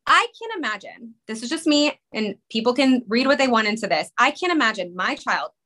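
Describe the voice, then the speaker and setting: A mother in her thirties, guesting on a podcast, rushes through an emotional personal story in a high, bright, forceful voice with lively intonation. She rambles, restarts, and fills her speech with "like."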